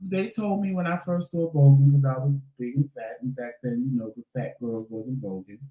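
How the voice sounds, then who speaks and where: A man's voice: medium pitch, moderate pace. Emphatic man telling stories, echoey room. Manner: animated storytelling, profane, emphatic. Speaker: co-host. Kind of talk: casual chat.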